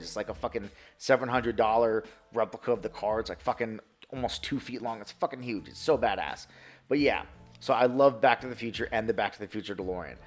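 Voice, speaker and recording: Profane, excitable male streamer. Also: fairly low pitch. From New York. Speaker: live streamer. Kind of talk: casual live-stream chat, answering chat.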